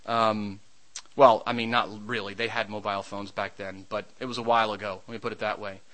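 A man preaching a sermon, mixing Scripture with a lively personal story. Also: fairly low pitch, fairly quick, low-quality recording. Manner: storytelling, shouts during a comic anecdote.

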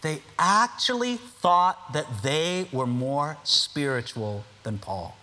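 A man's voice: a little high, expressive, slow pace, pushed and bright. A man preaching a sermon, emphatic and full of rhetorical questions. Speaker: pastor.

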